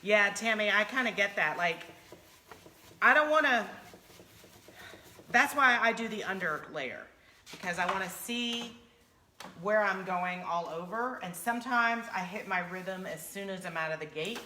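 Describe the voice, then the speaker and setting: Woman, bright voice, chatty livestream host, phone mic. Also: medium pitch, measured pace, a little hiss or hum. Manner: chatty, animated storytelling. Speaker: furniture painting livestream host. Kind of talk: casual livestream chat while painting.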